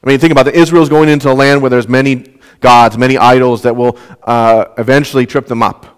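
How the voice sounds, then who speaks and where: Young male pastor, sermon delivery, smooth clear voice, mid pitch, earnest with frequent restarts. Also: steady tone, a little fast. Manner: earnest, repeats words when restarting.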